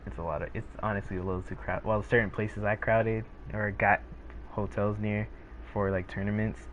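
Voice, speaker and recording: A man's voice: on the low side, level tone, normal speed. A teenage male gaming streamer chatting casually with viewers, rambling along with lots of fillers and restarts. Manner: rambling, laid-back, many fillers and restarts. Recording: tinny phone-like sound with faint noise.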